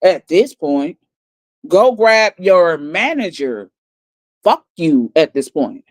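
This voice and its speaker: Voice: medium pitch, very animated, slow pace, dry recording. A livestream host giving a blunt, profane story recap and repeating lines for emphasis.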